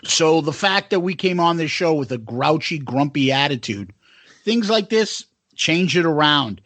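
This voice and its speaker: A man's voice: fairly high pitch, no echo. A man co-hosting a podcast, joking crudely and swearing in casual banter. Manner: profane, jokey, animated. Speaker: podcast co-host.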